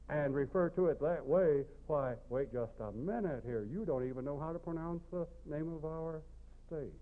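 A man with a St. Louis accent gives a measured classroom lecture on speaking, showing each point with his own voice. His voice sits a little high for a man. The sound is thin and tinny, like it was played over a phone line. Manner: measured, explanatory, demonstrates pitch with his own voice. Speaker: speech instructor for preachers.

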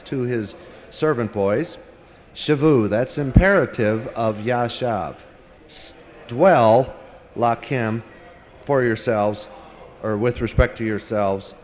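A man giving a verse-by-verse scripture lecture, working through the text word by word with pauses and filler sounds. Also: medium pitch, darkish tone, in a large hall. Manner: deliberate, translating word by word with frequent pauses and fillers. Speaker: Bible teacher.

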